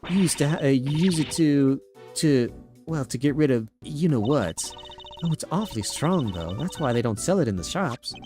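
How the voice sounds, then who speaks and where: A man's voice: mid-range voice, lively intonation, moderate pace, music in the background, pitched above the performer's own voice, lightly acted. A man voicing a prim, fussy elderly British woman in a game, slipping between a British and a Southern accent. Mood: chatty. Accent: put-on British, slipping toward American Southern. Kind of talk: voicing game dialogue on a stream.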